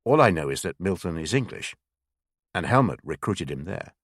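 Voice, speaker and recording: A man's voice: low-pitched, very animated, normal speed, dry recording, clean studio sound. A man voicing a careful, deferential spy officer. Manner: polite, deferential to superior. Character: younger male intelligence officer, deferential, careful.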